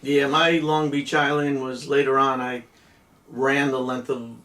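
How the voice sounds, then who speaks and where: A man's voice: medium pitch, level tone, measured pace, a bit bright, recorded from a distance. A middle-aged man from New Jersey casually telling a rambling story with many restarts and laughs. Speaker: podcast co-host.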